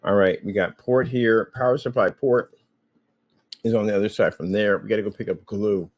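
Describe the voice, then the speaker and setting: A man's voice: on the low side, fairly even intonation, normal speed. A man vlogging casually from an office room, rambling and chatting to himself and his pet.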